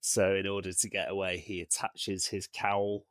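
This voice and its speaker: Panelist, man, very deep voice, dry close mic, chatty scene-by-scene storyteller. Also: level tone, moderate pace, no echo. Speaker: podcast co-host. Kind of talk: casual film-review chat.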